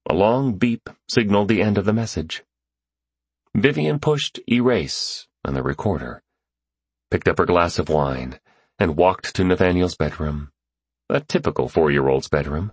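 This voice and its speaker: Deep-voiced man narrating a novel. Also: animated, measured pace, husky, no room sound. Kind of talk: scripted audiobook narration.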